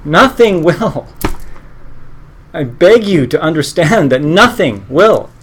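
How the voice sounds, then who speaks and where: A man's voice: on the high side, very animated, a little slow, slight background noise. A man teaching a live meditation class in an earnest, conversational way, breaking off and restarting his sentences and adding joking asides. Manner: conversational, earnest, self-interrupting.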